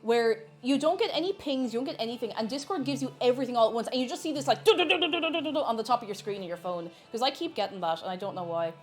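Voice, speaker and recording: A woman's voice: on the high side, lively intonation, quick pace, few pauses, faint music behind. An Irish woman live-streaming from her kitchen while baking, chatting casually, reading viewers' messages aloud and laughing often.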